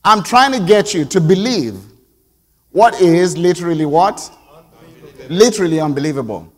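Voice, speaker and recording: A man preaching a sermon to his congregation, moving from quiet reflection to emphatic call-and-response. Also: sits high, expressive, normal speed, big-room sound. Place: church sanctuary.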